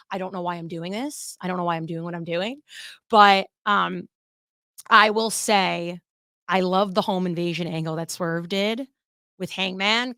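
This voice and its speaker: A woman's voice: mid-range voice, pushed and bright, dry recording, studio quality. A young woman hosting her own podcast, talking casually and candidly, and swearing freely as she chats. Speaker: podcast host. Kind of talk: casual solo podcast commentary.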